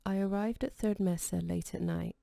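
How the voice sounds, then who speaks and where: A woman reading the lines of a gentle, quietly insistent man in a calm, even voice. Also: lowish voice, moderate pace, gravelly, no room sound, clean studio sound. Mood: recounting.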